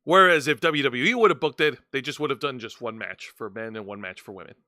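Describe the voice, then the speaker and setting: A man's voice: mid-range voice, lively intonation, quick pace, sharp tone, no echo, clean studio sound. A man hosting a casual wrestling review chat, explaining events and often stumbling into restarts. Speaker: podcast host.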